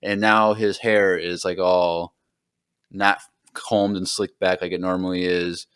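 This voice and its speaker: Low smooth-voiced man recapping an episode. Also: little pitch movement, a little slow, a bit bright. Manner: rambling, heavy on fillers like "like". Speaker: podcast host.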